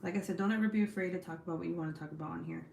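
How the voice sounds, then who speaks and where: A woman's voice: on the low side, rapid-fire, gravelly, a little mellow, reverberant, slight background noise. A woman in her forties hosting a casual livestream, chatting with viewers and reading their comments, swearing freely. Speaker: livestream host.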